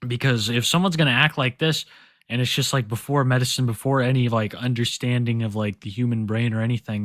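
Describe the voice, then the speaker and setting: A man's voice: mid-range voice, steady tone, a little fast, a bit bright, no room sound, studio quality. A man streaming live, giving crude, rambling, mocking commentary to his chat. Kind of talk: casual chat to stream viewers.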